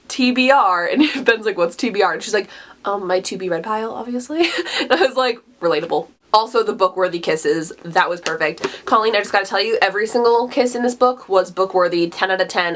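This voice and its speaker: A woman's voice: medium pitch, fairly bright tone. A woman in a casual book talk vlog, gushing with enthusiasm, laughing often and filling her talk with "like". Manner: gushing, enthusiastic, frequent "like" fillers; laughs often mid-sentence. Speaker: book reviewer.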